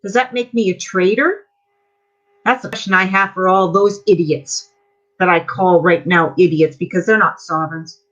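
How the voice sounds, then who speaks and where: A Canadian woman gives a heated speech to a group meeting, angry and accusing, firing off rhetorical questions. Her voice is lowish and fairly bright, with fairly even intonation at a moderate pace, captured in dull lo-fi audio.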